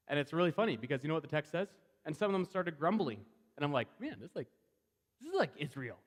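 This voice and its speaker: A man preaching a sermon in a conversational, animated way, acting out the voices he quotes. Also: a little high, fast, in a large hall.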